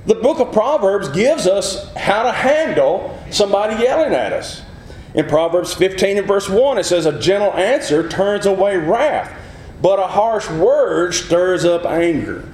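A man preaching a sermon, teaching earnestly, asking the listeners questions and acting out quick replies. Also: high voice, darkish tone, reverberant, a little hiss or hum.

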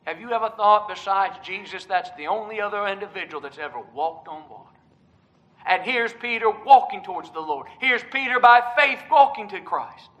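A man delivers a sermon with a strikingly high voice. His tone is bright and tense. He preaches earnestly, climbing to loud emphasis and falling to near-whispered moments. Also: rough recording. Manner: earnest preaching, rising to loud emphasis and dropping to hushed tones.

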